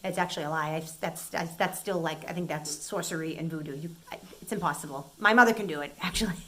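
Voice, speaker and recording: A woman's voice: low voice, quick pace, slight background noise. A middle-aged woman from an Italian-American family, telling an exasperated story as a vlogger and acting out what people said. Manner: animated, exasperated, acts out quotes. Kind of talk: casual storytelling rant.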